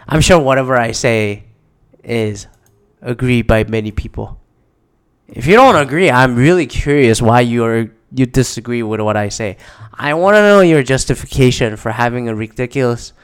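A man's voice: medium pitch, smooth. A man in a casual, rambling monologue, exasperated and swearing often.

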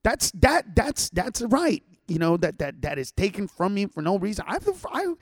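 A man's voice: high voice, moderate pace, dry recording, studio quality. A man who is a stand-up comedian, ranting in casual podcast chat, full of swearing. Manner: profane, animated ranting.

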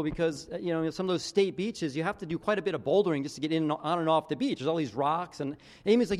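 Middle-aged guy preaching, chatty storytelling, voice a bit high, echo hanging in a big church hall. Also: quick pace, hardly any pauses. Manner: animated storytelling with quoted voices. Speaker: pastor. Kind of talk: conversational sermon storytelling.

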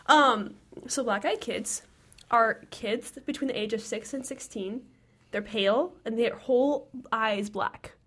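A young woman co-hosting a podcast in casual chat, bubbly and excitable, often giggling. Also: a little high, unhurried. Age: young adult. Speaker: podcast co-host.

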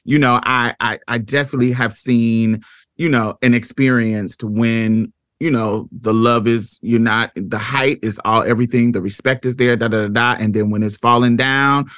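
A woman's voice: rumbling low, steady tone, moderate pace, a bit bright, clean tone, no room sound, studio quality. A woman hosting a podcast interview, talking in an emphatic, blunt way with salty language. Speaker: podcast host. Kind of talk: casual interview chat.

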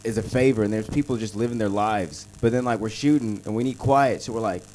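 A man's voice: fairly low pitch, fast talker, a little mellow, slight background noise. A man in a casual panel chat who talks in a loose, slangy way. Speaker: sketch comedy cast member.

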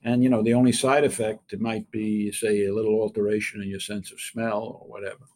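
An older man, an interviewed scientist, telling an anecdote in a relaxed, wry way and acting out the quoted voices. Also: lowish voice, fairly quick, a little hiss or hum. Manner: wry storyteller who acts out quoted voices.

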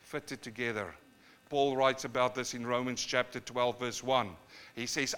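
A pastor with a New Zealand accent, born in South Africa, preaching a live sermon in church and swinging from quiet to loud, dramatic urging. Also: male voice, mid-range voice, fairly even intonation, moderate pace, clean tone. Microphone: live sermon recording.

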